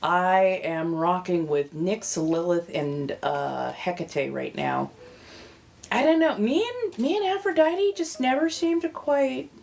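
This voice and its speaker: A woman's voice: lowish voice, lively intonation, slow, creaky, darkish tone. A woman with a Californian accent chatting casually on a livestream, rambling from one thought to the next and welcoming viewers as they come in. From California, United States. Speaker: livestream host.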